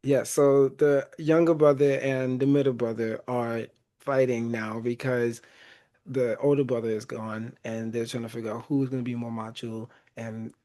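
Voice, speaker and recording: A man hosts a relaxed podcast chat and walks through a film's story with lively energy. He laughs often and slips into the characters' lines as he goes. His voice sits in an ordinary middle range for a man. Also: medium pitch, moderate pace. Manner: animated, laughs often, acts out quotes. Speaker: podcast host. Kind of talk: casual chat retelling a movie.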